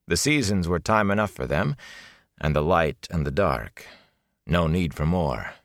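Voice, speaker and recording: Deep low guy reading a fantasy audiobook, steady and measured, super dry studio sound. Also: no room sound. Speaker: audiobook narrator. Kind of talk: scripted fantasy narration.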